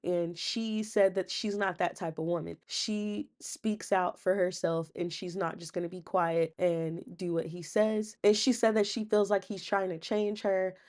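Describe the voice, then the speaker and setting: Young female recap host, slightly low voice, casual and sassy with slangy asides. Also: little pitch movement, unhurried, hardly any pauses, a little mellow.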